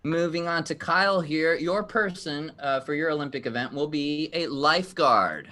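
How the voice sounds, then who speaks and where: A man's voice: on the high side, moderate pace, bright, forceful tone. A man hosting a live virtual game show over a video call, upbeat and encouraging as he explains the rules.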